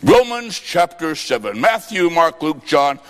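A man preaching a sermon in an emphatic, folksy way, with sudden shouted bursts and dry humor. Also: a little high, sing-song, unhurried, clear, resonant tone.

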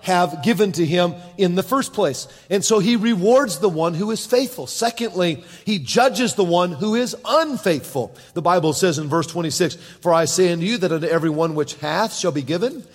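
A man preaches in a slightly high voice, with a long reverb from the church hall hanging behind every phrase. He acts out the people he quotes and speaks straight to the congregation between scripture readings. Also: expressive, brisk, few pauses. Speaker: pastor. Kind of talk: sermon.

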